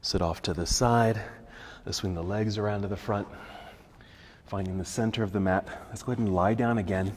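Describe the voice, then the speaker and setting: A man teaching a yoga class with calm, encouraging step-by-step cues. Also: lowish voice, a little fast. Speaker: yoga instructor. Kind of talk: guided yoga class instruction. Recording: echoey room with faint background noise.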